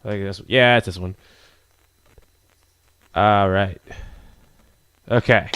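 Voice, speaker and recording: A man hosting a game channel, reading through a visual novel in a casual, jokey way, with a hoarse voice. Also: lowish voice, steady tone, slow, fairly bright tone, no room sound. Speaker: gaming channel host. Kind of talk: visual novel let's play narration.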